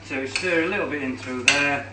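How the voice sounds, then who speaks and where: An English man talks through a recipe in a casual, rambling way, full of ums and asides. His voice sits a little high and comes from a step back from the mic. It echoes around a kitchen, with clear background noise. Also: moderate pace, distant mic. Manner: chatty, explains as he cooks, many ums. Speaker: cooking demonstrator. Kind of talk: casual live cooking demo. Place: home kitchen.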